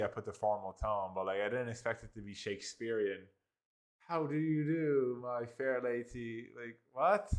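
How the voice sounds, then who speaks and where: Rambling, slightly low-voiced man. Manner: rambling, many restarts and "like" fillers. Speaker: host reviewing an AI story app. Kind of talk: casual commentary.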